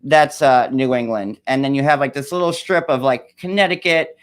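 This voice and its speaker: A man's voice: mid-range voice, moderate pace, clean tone. A man hosting a casual chat, rambling with lots of fillers, with a New York area accent. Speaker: host.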